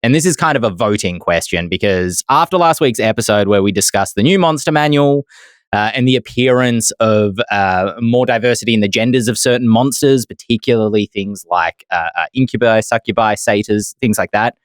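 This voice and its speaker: A man's voice: lowish voice, fairly quick, no room sound, clean studio sound. A man hosting a casual tabletop gaming podcast panel, playful and jokey, laughing often. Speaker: podcast host.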